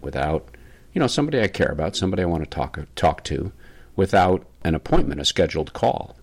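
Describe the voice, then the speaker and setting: A man from the northern United States co-hosting a podcast, talking in a reflective, rambling way with frequent chuckles. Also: deep voice. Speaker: podcast co-host. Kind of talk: casual chat.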